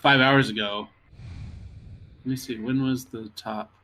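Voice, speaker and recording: Bright-voiced jokey male co-host. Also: medium pitch, unhurried. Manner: excitable, swears a lot, jokey. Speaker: podcast co-host. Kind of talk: casual chat.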